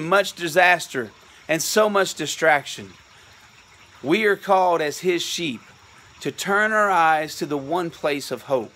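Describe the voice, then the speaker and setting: A man, a shepherd, giving an earnest devotional sermon from a porch outdoors in the rain, at times dropping low and soft for emphasis.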